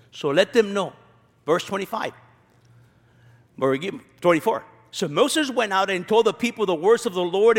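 A man preaching a sermon, reading scripture verses and then commenting with sarcastic asides, raising his voice to act out quoted lines. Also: high-pitched. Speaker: pastor. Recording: long hall reverb.

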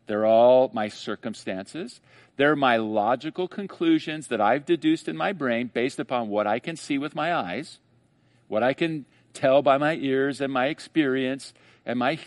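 Man, pastor, sermon, conversational, emphatic slowdowns, middle pitch, dry recording. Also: no echo. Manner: conversational preaching, rising for emphasis, slows on key phrases.

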